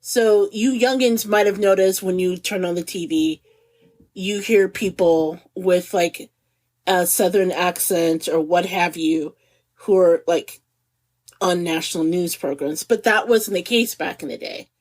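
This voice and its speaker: A middle-aged woman co-hosting a podcast in casual chat, animated and giggly, stretching words for emphasis. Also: lowish voice, a little slow. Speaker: podcast co-host.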